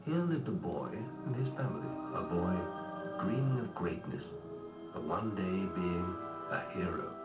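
A deep, solemn storybook narrator for a video game. His low voice rises and falls with lively intonation. It sounds distant and dull, with strong music beneath. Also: measured pace. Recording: lo-fi game audio from afar, music.

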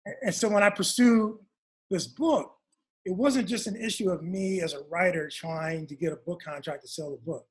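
A man's voice: high voice, normal speed, husky. A man, an author and guest, telling a long personal story in an interview and acting out his parents' lines.

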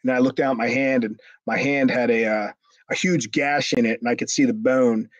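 Here a middle-aged former pro wrestler casually spins a story for an interviewer, dropping plenty of swear words and voicing the characters. He talks at normal speed in a mid-range voice with fairly even intonation. The recording has no echo and a dry, slightly muffled lo-fi quality.

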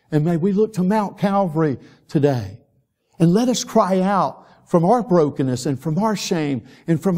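Male pastor, high voice, mellow dark tone, church sermon. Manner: impassioned preaching, dropping to a soft prayer. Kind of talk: sermon and closing prayer. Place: church sanctuary.

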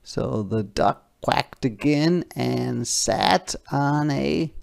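A man reads a children's picture book aloud at a very unhurried pace, his voice rising and falling in a lively sing-song. A gravelly edge creeps into his tone as he tells the story, and he breaks into playful animal sounds along the way. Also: mid-range voice. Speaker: storybook reader.

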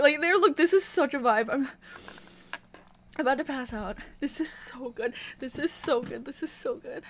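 Very high-pitched gushing woman. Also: a little mellow, slight background noise. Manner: gushing, squealing, breathless exclamations. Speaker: YouTuber reacting to a music video. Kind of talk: excited reaction commentary. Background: faint pop music playing.

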